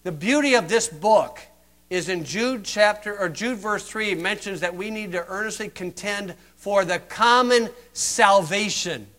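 An older man from the United States delivers a sermon in a high voice. He mocks with heavy sarcasm and swings between loud emphasis and quiet, earnest asides. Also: unhurried. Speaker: preacher.

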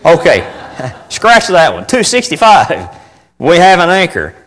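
A man's voice: on the high side, huge pitch swings, a little slow, a bit bright. A man giving an informal sermon on church music to a congregation, speaking conversationally, repeating key phrases for emphasis and asking the room for responses. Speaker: preacher teaching on church music. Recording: long hall reverb.

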